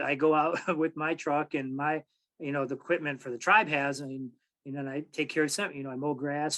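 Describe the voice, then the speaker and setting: A man in his forties from Michigan, telling a personal story at a public talk in an easy, halting way with many pauses and restarts. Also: fairly high pitch, fairly bright tone, poor audio. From Michigan, USA. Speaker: tribal archives director, speaker.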